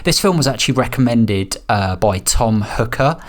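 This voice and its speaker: Male podcast host, chatty and rambling, average pitch. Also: expressive, moderate pace. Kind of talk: casual chat.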